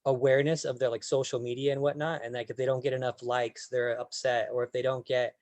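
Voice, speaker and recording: A man's voice: mid-range voice, little pitch movement, quick pace, darkish tone, no room sound. A man hosting a podcast as a coach, talking in an easygoing, supportive way with frequent restarts. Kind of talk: casual chat.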